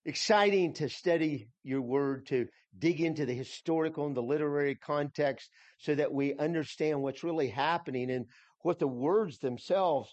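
A man's voice: medium pitch, a little mellow, no echo, muffled recording. A man preaching an expository sermon, emphatic and repeating himself, with frequent restarts. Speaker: pastor.

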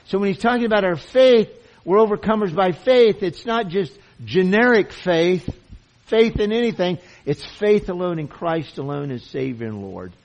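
A man's voice: sits high, a little mellow. A man preaching a sermon, earnest and emphatic, who often repeats himself as he presses a point. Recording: dull lo-fi sound.

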